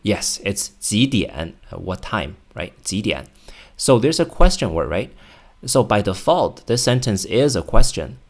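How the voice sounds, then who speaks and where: A man teaching a video language lesson, explaining patiently and clearly, with example phrases. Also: fairly low pitch, very animated, measured pace.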